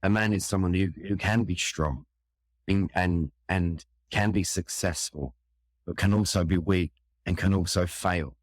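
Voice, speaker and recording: A man's voice: deep voice, a little slow, no echo, clean studio sound. A middle-aged man with a London accent, telling a personal story in an earnest, reflective way. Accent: London English. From England. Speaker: interview guest, firefighter.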